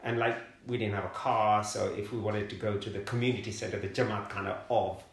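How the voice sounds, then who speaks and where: A middle-aged man from London telling his life story in an interview, halting and repeating words as he searches for them. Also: lowish voice, fairly even intonation. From London, England. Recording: roomy echoey room.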